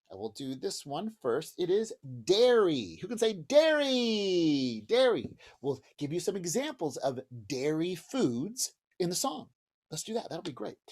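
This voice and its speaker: Lively sing-song man teaching preschoolers. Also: on the high side. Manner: cheerful, sing-song, talks directly to young children. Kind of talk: children's music lesson with singing and drumming. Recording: home video with drum and banjo music.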